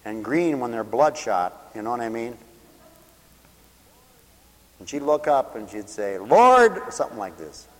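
A man preaching a radio sermon with passion, swelling loud on scripture and dropping low to tell stories. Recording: long hall reverb.

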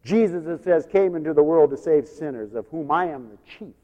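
A man preaching a sermon with big dramatic swings, from loud proclaiming down to hushed storytelling. His voice sits high, and a long reverb trails each phrase as if in a large hall. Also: animated, fairly quick, dull audio.

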